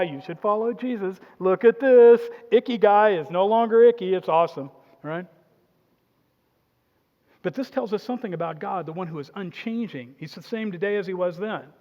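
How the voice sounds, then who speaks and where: A man preaching a sermon as pastor, animated and jokey, acting out quotes in funny voices. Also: high-pitched. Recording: dull sound, long hall reverb.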